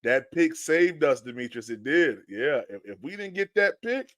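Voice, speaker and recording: Excitable man hosting a fan podcast. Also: on the high side, normal speed, no echo, studio quality. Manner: animated storytelling with many restarts, greets chat viewers. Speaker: podcast host. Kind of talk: casual live-stream chat.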